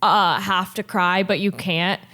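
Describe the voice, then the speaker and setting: A young woman co-hosts a loose podcast chat, tossing in quick quips and a steady stream of "like." Her voice sits at an ordinary middle pitch. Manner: chatty, quick quips, lots of "like". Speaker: podcast co-host. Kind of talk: casual chat.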